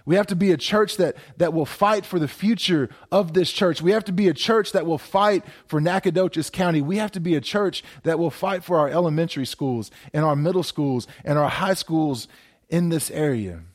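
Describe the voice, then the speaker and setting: A man's voice: a little high, normal speed. A man preaching a sermon as a pastor, exhorting with repeated phrases and frequent stammered restarts, addressing viewers at home. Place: speaking to a camera for viewers at home.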